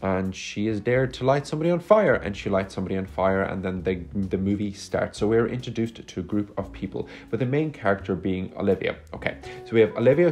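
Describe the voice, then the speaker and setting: A man with a fairly low voice rambles through a casual movie review, dry and sarcastic, recorded on a phone mic indoors. Faint music plays underneath. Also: darkish tone. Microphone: phone microphone.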